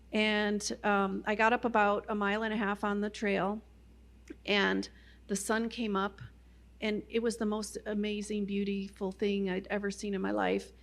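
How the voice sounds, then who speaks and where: A middle-aged woman shares her testimony in an easy, chatty manner. Her voice sits at an ordinary pitch, and she often scatters "you know" through her sentences as she tells her story. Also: vocal fry. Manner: conversational storyteller, many "you know" fillers. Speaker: guest speaker at a Christian ministry. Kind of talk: personal testimony talk.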